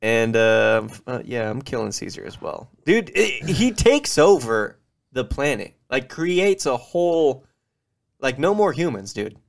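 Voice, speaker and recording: A man's voice: mid-range voice, very animated, measured pace, vocal fry. A man co-hosting a podcast, bantering playfully and crudely, often calling the others "dude". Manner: playful, says "dude" a lot. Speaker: podcast co-host.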